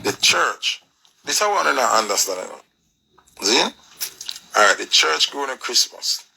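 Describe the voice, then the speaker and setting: A man's voice: mid-range voice, big pitch swings, a little slow, vocal fry, sharp tone, slightly rough, poor audio. A man with a Jamaican accent delivering a preachy, emphatic rant full of rhetorical questions. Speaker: commentator. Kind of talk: ranting commentary.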